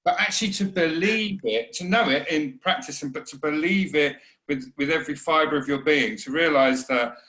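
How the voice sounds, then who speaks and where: A man's voice: on the high side, bright, forceful tone. A middle-aged man, talking earnestly in an interview, often restarting his sentences. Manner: earnest, halting, many restarts, mimics voices. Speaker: interview guest. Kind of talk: reflective conversation. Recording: roomy echo.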